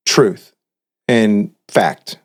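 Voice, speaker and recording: A man co-hosting a podcast in casual chat, recounting stories in a relaxed way with lots of "like" and "you know". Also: lowish voice, extremely slow. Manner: laid-back storyteller, filler-heavy. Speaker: podcast co-host.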